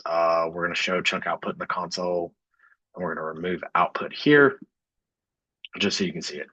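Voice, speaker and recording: A man teaching a screen-recorded coding lesson, talking through each step in a relaxed way with frequent fillers. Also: sits low, husky, no echo. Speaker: statistics instructor.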